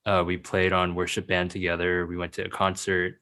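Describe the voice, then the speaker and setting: Young male podcast host, very low voice, relaxed and friendly. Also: fairly quick. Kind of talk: podcast interview.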